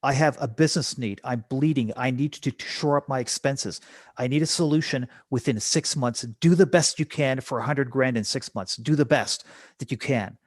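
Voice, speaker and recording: A man's voice: mid-range voice, normal speed, no room sound, studio quality. A man speaking as a podcast guest, telling stories and reflecting with rhetorical questions. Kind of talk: conversational storytelling.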